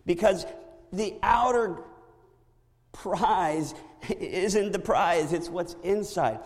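A male pastor preaching a sermon in a church, animated and storytelling with impressions. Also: sits high, very slow, big-room sound, soft background music.

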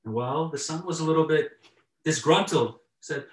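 A man's voice: fairly high pitch, moderate pace, distant mic. Man telling a sermon story in an echoey room. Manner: conversational, warm storytelling with chuckles and repeated starts. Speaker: pastor.

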